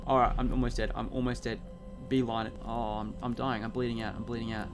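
A young man giving excitable, sweary let's-play commentary, quick to panic. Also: mid-range voice, music in the background. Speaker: gaming YouTuber.

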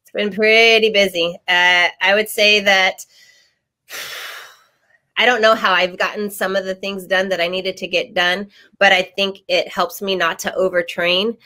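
Bright-voiced woman athlete being interviewed; cheerful, relaxed, laughs easily. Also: mid-range voice, unhurried. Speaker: professional fighter and teacher. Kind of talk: casual interview.

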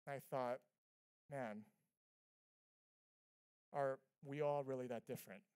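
Male pastor mid-sermon, earnest and conversational, mid-pitched voice. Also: slow pace, clear, resonant tone. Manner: earnest storytelling, quoting family dialogue with lively swings between soft and loud. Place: church sanctuary.

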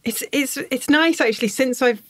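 A woman's voice: high-pitched, moderate pace, dry recording. A woman from the North of England hosting a podcast, chatty and teasing, laughing often with her guest. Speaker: podcast host. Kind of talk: casual interview chat.

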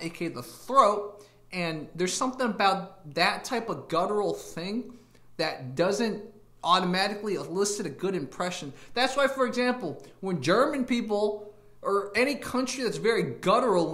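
A man talks straight to his camera in a loose, rambling rant, and his pitch swings widely as he chases one tangent after another. He laughs at his own jokes and throws in crude asides. His voice bounces around a roomy, echoey space. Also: a bit bright. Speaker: YouTube channel host.

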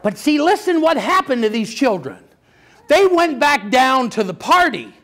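An older man preaching a sermon, telling stories with lively energy and sudden shouts. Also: very high-pitched, moderate pace. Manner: animated storytelling, acts out children's voices, bursts into shouts. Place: church sanctuary.

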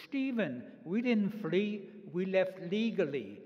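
A woman's voice: mid-range voice, big pitch swings, slow, pitched above the performer's own voice. An elderly man imitating his mother, an older German woman with a heavy German accent. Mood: correcting. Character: the speaker's elderly German mother, firm and matter-of-fact. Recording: echoey hall, slightly dull sound.

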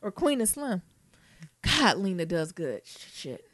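A woman co-hosting a podcast, chatting casually in an animated, swearing, playful and teasing way. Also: on the low side, measured pace, no room sound, clean studio sound. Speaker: podcast co-host. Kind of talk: casual chat.

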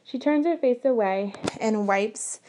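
A woman reading a novel aloud in first person, with earnest, steady storytelling. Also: fairly high pitch, measured pace, slight background noise, low-quality recording. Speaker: audiobook narrator.

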